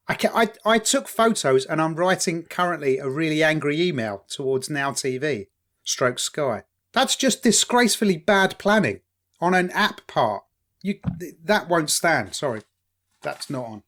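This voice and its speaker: Animated East man chatting. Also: fairly high pitch, moderate pace. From East London. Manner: animated, swears freely, laughs often. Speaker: podcast co-host. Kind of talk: casual chat.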